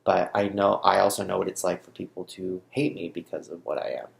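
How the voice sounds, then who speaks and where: A young man in an emotional personal vlog, speaking through grief in halting, broken sentences. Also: deep voice, flat delivery, gravelly, reverberant. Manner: grieving, halting, restarts often. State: shaken by grief. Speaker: vlogger.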